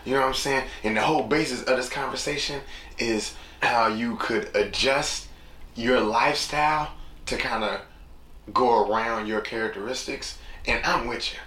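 A man's voice: medium pitch, normal speed. Slangy rambling man, echoey room. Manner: slangy, rambling, acts out quotes. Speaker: podcast host. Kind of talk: casual solo monologue. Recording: echoey room with steady noise.

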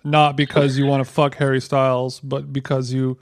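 A man co-hosting a podcast, asking questions and teasing with quick jokes. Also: medium pitch, completely flat delivery, no room sound, studio quality. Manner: jokey, teasing quips. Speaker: podcast co-host. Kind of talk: casual podcast chat.

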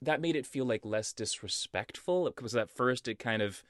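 A man's voice: mid-range voice, moderate pace, background noise. A man co-hosting a podcast, recapping a movie in casual chat and acting out the characters' lines as he goes. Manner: animated storyteller who acts out characters' lines. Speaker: podcast co-host.

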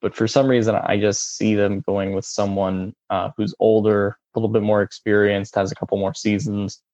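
A man talks through a casual sports discussion in stop-start phrases, padding them with fillers and restarts. His voice sits a little low. The sound is dull and muffled, with a dry, close feel and no room around it. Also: level tone, darkish tone, no room sound. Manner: halting, many fillers and restarts.

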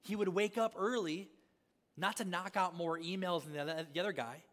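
Man, pastor, sermon, repeated rhetorical questions, loud then hushed, echoing hall. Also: high voice, steady tone, brisk.

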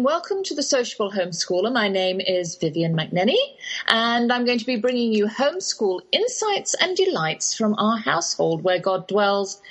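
A woman's voice: medium pitch, fairly bright tone, low-quality recording. A middle-aged woman with an English accent, hosting a radio show in a rambling, anecdotal talk with devotional asides. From England. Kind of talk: chatty radio monologue.

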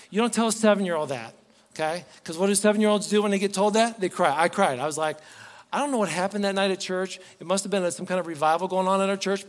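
Earnest pastor preaching in a big echoing church. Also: male voice, sits high. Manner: earnest, pleading, with repeated restarts. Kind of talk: sermon. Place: church sanctuary. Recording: long reverb, faint music behind.

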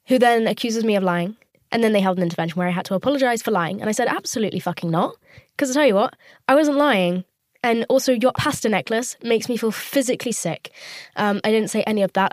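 Parked in her car, a podcast host in her twenties tells a casual, foul-mouthed story, chatting freely and performing the quoted voices. Her mid-range voice comes through with studio quality and no room sound.

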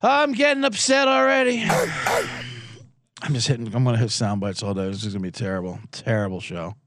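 A man hosting a podcast in a casual comedic rant, exasperated and sarcastic, rambling with quick asides. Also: mid-range voice, expressive, noisy background. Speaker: podcast host.

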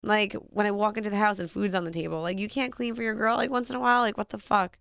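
A woman from New Jersey co-hosting a casual chat, animated and teasing, bursting into laughter. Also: medium pitch, quick pace, vocal fry, clean tone, no echo, clean studio sound.

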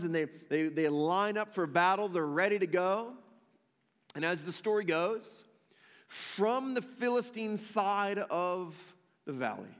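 High-voiced preacher in a reverberant hall. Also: male voice, a bit bright. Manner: emphatic storytelling, repeats phrases for emphasis. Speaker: pastor. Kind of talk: sermon.

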